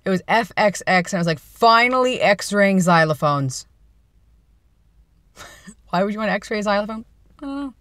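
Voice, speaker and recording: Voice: medium pitch, expressive, fast talker, fairly bright tone, no echo, studio quality. A vlogger chatting casually and playfully from inside a parked car, rambling and laughing at their own jokes. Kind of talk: casual chat.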